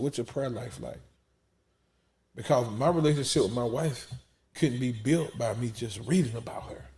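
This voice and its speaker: A man's voice: mid-range voice, warm tone. A man, testifying in an emphatic preaching style that repeats words and drops almost to a whisper when emotional. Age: 40s.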